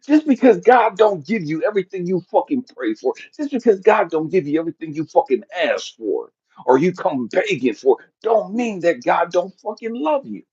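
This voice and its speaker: A middle-aged man giving a blunt, profane motivational talk, animated and jumping to shouts for emphasis. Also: sits high, normal speed, slightly rough, muffled recording. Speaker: motivational speaker.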